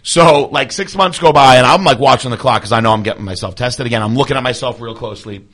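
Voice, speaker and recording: A young man, a guest, casually telling a profane, animated anecdote. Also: medium pitch, fast talker. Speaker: guest athlete and trainer. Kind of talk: casual storytelling.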